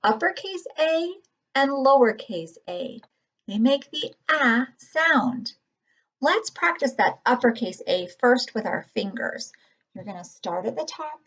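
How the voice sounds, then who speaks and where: A woman teaching a phonics lesson to young children, modeling words in a gentle, patient, drawn-out way. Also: high voice, very animated. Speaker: kindergarten teacher. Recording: dull lo-fi audio.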